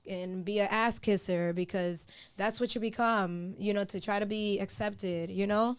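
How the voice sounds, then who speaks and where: A woman's voice: mid-range voice, steady tone, normal speed, clean tone. A woman, a podcast guest, speaking earnestly and openly about her own experiences. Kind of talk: candid conversation.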